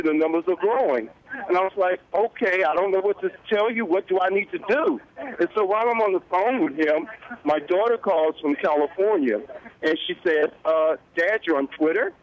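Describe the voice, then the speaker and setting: A man in his fifties with a fairly high voice tells a story to a talk show host, acting out each person's lines. He sounds lively and chatty. The broadcast audio is a little dull and muffled. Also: normal speed. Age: 50s. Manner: animated, acts out quoted dialogue. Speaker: morning show guest. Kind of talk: casual interview storytelling.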